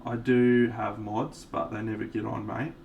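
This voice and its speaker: A man's voice: fairly low pitch, little pitch movement, a little slow, creaky, highs cut off. A man, chatting casually and swearing freely as he streams his miniature painting. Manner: laid-back, swears freely, tells an anecdote, laughs often. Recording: distant from the mic with faint background noise.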